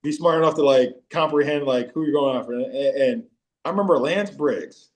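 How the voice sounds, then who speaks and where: A man in his forties, a former pro football player, telling animated stories as a podcast guest and breaking into high-pitched voices when quoting teammates. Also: moderate pace. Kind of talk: casual storytelling interview.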